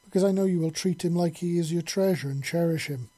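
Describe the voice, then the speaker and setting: A man's voice: a little high, fast, warm tone, pitched above the performer's own voice, natural voice. A man voicing a proud alien huntress who speaks in a declaiming manner.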